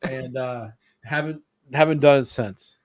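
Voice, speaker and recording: A man's voice: mid-range voice, unhurried. A man hosting a casual chat, telling rambling stories with plenty of swearing and acted-out quotes. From Italian heritage. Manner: rambling storyteller, swears freely, acts out quotes. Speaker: podcast host.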